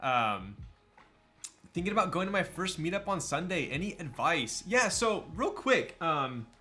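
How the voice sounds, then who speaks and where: A man's voice: high voice, big pitch swings, measured pace, pushed and bright. A man chatting casually on a live stream, hyped up, thanking viewers and laughing often while building a keyboard.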